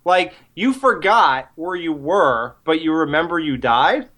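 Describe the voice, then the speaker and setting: A man co-hosts a casual film-review podcast. He is profane and animated, and his voice sits a little high. He often slips into mocking impressions of lines. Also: a little slow. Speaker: podcast co-host.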